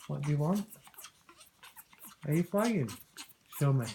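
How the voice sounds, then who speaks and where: A woman's voice: low voice, lively intonation, takes it slowly, vocal fry, long pauses, mellow, low-quality recording. Coaxing woman chatting to a pet. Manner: coaxing pet talk, playful swearing. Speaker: parrot owner. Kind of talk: casual chat to a pet.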